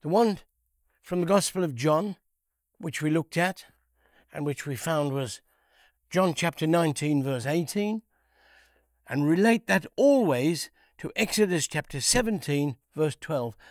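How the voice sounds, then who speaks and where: A man giving a conversational Bible teaching, unhurried, repeating key phrases and asking rhetorical questions. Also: on the high side, animated, no room sound, clean studio sound.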